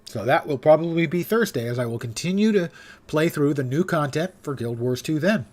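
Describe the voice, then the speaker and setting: Older man streaming, voice going hoarse. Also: a little high, animated, fairly quick, a little mellow. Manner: wry, rambling, swears casually. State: losing his voice. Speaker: game streamer. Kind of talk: casual live-stream commentary.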